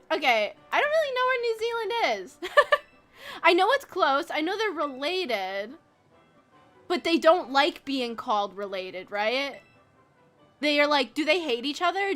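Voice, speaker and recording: A woman's voice: high voice, sing-song, unhurried, fairly bright tone, faint music behind. A young woman streaming a video game, chatting casually in a bubbly, rambling way, laughing often and swearing freely. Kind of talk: casual live-stream chat while gaming.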